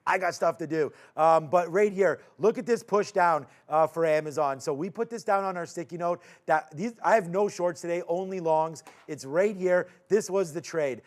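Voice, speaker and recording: A man hosting a live market recap show, chatting casually and joking between stock calls. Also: fairly high pitch. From Canada. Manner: upbeat, joking, quick asides. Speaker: host.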